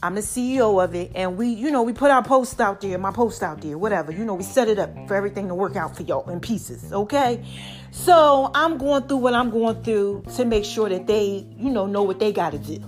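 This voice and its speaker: A woman hosting her podcast in a casual, animated monologue, a little short of breath and calling her listeners baby. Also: medium pitch, a little fast, faint music behind. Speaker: podcast host.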